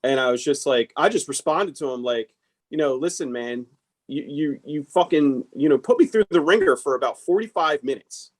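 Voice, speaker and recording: A man's voice: a little high, expressive, normal speed. A man hosting a casual podcast chat, blunt and emphatic, with heavy swearing. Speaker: podcast host, tattoo artist.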